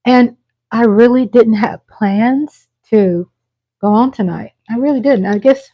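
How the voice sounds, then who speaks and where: A middle-aged woman hosting a live stream, chatting casually in a rambling way with frequent pauses and restarts. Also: fairly high pitch, highs cut off.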